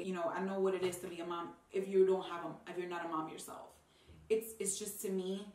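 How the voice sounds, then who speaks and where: A young woman and new mother talking to camera in a heartfelt, rambling way with many ums and restarts. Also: on the low side. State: tearful at times. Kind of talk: personal talk to camera. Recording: roomy sound, mic a bit distant.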